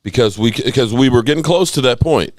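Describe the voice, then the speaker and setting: A man hosting a casual sports podcast, talking in an animated, excitable way and swearing now and then. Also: fairly quick, no echo, clean studio sound. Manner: animated, excitable, swears, acts out quotes in a high voice. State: voice strained, coughing.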